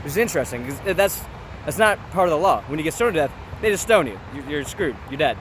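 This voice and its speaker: A man's voice: fairly high pitch, animated, fast, fairly bright tone. A young man in his twenties, talking casually about scripture in a chatty, informal way that keeps checking in with the listener. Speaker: vlogger. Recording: street traffic noise behind.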